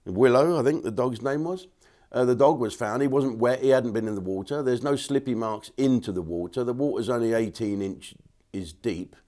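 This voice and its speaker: A man's voice: mid-range voice, a little mellow. An older man, a comedian ranting bluntly in an opinionated monologue and putting on voices for the people he quotes. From England. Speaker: comedian host.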